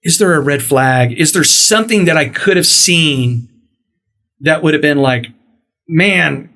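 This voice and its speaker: A middle-aged man hosting a podcast, with a voice pitched a little above most men's. He tells a story in a loose, conversational way and slips into the voices of the people he quotes, bringing their lines to life. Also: normal speed. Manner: animated storyteller, acts out quoted dialogue. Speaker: podcast host. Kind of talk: casual storytelling interview.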